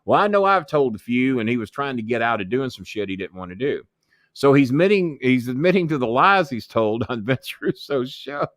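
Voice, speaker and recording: A man tells stories as an interview guest, swearing freely and acting out what others said. His voice rises and falls widely in a mid pitch. The recording is dry and close. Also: a little fast, no room sound. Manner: animated, swearing, mimics others in quotes. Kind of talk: profane anecdotal storytelling.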